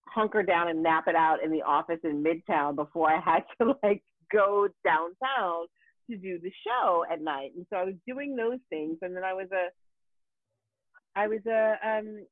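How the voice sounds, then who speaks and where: Animated woman storyteller on a tinny line. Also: lowish voice, no room sound. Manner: animated storyteller, acts out quoted voices. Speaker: voice actor guest. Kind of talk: casual podcast chat. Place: home in Los Angeles. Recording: tinny phone-like line, dry.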